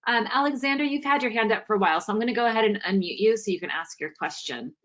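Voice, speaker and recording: Brisk female webinar moderator; lo-fi video call sound. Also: fairly high pitch, fairly bright tone. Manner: brisk and organized, calls on callers by name. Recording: dull lo-fi video call audio.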